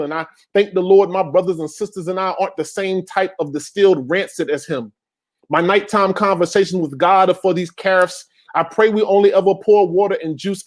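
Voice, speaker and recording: A man with a high-pitched voice performs spoken word poetry over a video call. His delivery is rhythmic and emphatic, leaning on repetition. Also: a little mellow. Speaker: slam poet.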